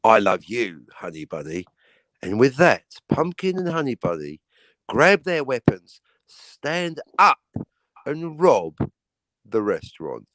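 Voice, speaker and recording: A man's voice: on the high side, a bit bright, no room sound. A man hosting a casual livestream, reading a screenplay aloud with frequent asides. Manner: reads aloud with asides and fillers like "all right". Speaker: livestream host.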